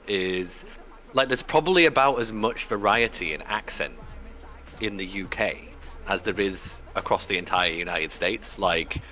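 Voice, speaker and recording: Deep, bright-voiced man chatting. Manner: rambling, many fillers and swearing. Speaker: streamer. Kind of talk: casual chat.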